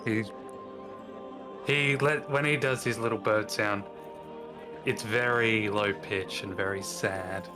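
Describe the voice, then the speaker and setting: Male player, lowish voice, soft-spoken, background music. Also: fairly even intonation, takes it slowly, long pauses. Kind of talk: describing his character's actions.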